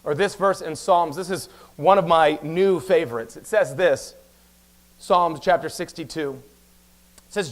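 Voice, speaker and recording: A man preaching a sermon as pastor, talking very fast and telling stories with quick asides. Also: high voice. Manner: animated storytelling with quick asides; talks very fast. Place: church sanctuary.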